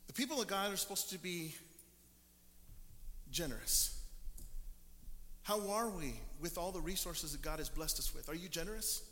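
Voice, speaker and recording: High bright-voiced man preaching in a reverberant church. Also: lively intonation, normal speed, pauses often. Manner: storytelling, acts out quoted people. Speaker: pastor. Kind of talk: sermon. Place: church sanctuary.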